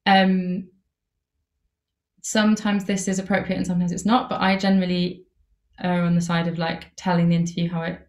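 A woman's voice: lowish voice, echoey room. A woman teaching an interviewing masterclass in a casual, chatty way, with lots of "like" and "um". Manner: casual, chatty, many "like" and "um" fillers. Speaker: workshop instructor.

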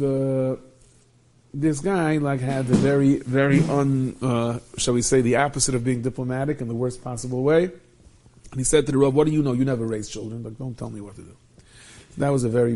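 Dark-voiced man telling a story. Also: medium pitch. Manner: animated storyteller, Yiddish and Hebrew words. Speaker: rabbi and storyteller. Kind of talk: storytelling talk.

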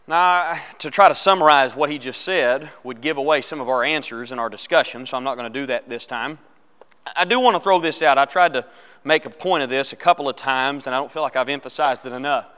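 A man's voice: medium pitch, a little fast, bright, forceful tone, clean tone. A man teaching a church Bible class. He reads scripture aloud and chats casually with the class, asking them questions. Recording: long church hall reverb.

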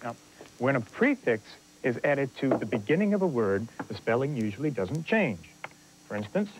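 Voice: mid-range voice, very animated, moderate pace, slight background noise, lightly acted, poor audio. An actor playing an encouraging grammar mentor in a scripted educational TV lesson. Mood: explaining.

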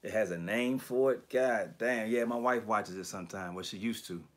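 A man hosting a casual livestream chat about collectibles, talking in slangy, profane bursts and animated storytelling. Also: on the low side, moderate pace. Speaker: YouTube collector channel host.

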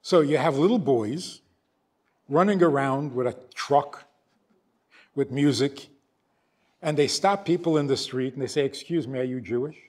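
A man's voice: fairly high pitch, unhurried, long pauses. An older man, a rabbi, giving a storytelling lecture and acting out both sides of a conversation. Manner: animated storyteller, acts out both sides of dialogues. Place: synagogue hall.

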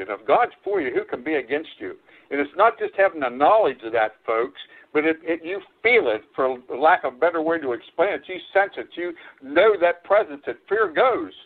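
A male pastor preaching a sermon in a conversational way, often repeating phrases and calling his listeners folks. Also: fairly high pitch. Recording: phone-like narrow-band stream audio.

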